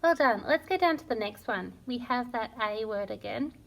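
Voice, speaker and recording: A woman teaching a phonics lesson to young children, sounding out words slowly and praising often. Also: a little high, expressive, gravelly, fairly bright tone. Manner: slow, sounding out words syllable by syllable; encouraging and praising. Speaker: primary school teacher.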